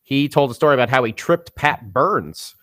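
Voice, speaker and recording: A man co-hosting a casual sports podcast, telling stories in a lively, nostalgic way. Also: medium pitch, moderate pace, no echo, studio quality. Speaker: podcast co-host. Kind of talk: casual chat.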